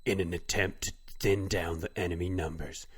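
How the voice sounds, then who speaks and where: A man voicing a dramatic male movie-trailer narrator, with a deep, husky delivery. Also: steady tone, moderate pace.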